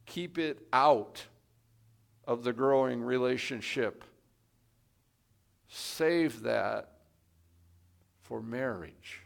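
A male pastor delivers a sermon at an unhurried, measured pace. His voice carries a gravelly edge, and he drives hard on key words to make his point. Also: medium pitch. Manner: slow and deliberate, rising to emphatic stress on key words.

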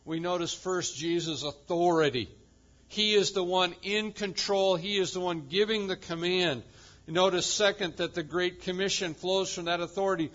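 A male pastor preaching a sermon with emphasis, swinging from loud proclamation to quiet intensity. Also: sits high, steady tone, moderate pace, dull audio.

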